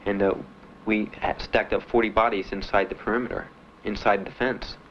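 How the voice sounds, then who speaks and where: A young man giving halting, plain spoken testimony as a war veteran, with many pauses and fillers. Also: lowish voice, little pitch movement, a bit bright. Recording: muffled 1970s archive recording with faint hiss.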